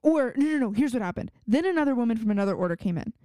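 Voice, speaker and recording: A woman's voice: on the high side, lively intonation, very fast, dark tone, dry recording, studio quality. A young woman co-hosting a podcast in casual chat, telling indignant stories from work. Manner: storytelling, indignant. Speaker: podcast co-host.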